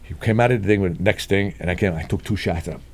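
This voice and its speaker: An older man appears as a guest in a casual chat, telling street stories in a low voice at a quick pace. He's animated, performs the voices of the people in his anecdotes, and chuckles often.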